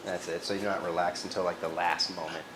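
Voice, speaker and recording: A man's voice: sits low, flat delivery, fast. A man teaching a live yoga class, giving cues in a casual, loose way and swearing freely. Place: yoga studio. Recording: echoey studio, faint ambient noise.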